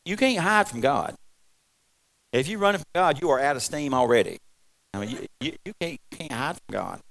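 A man preaching a folksy, rambling sermon, swinging from loud exclamations to quiet asides. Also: on the high side, animated, a little fast, vocal fry. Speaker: pastor.

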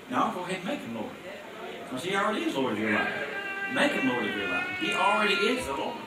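A man's voice: high voice, wildly swooping pitch, fast, very noisy. A man preaching a sermon in a church. He talks emphatically, asks rhetorical questions and leads call-and-response. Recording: echoey room, mic at a distance.

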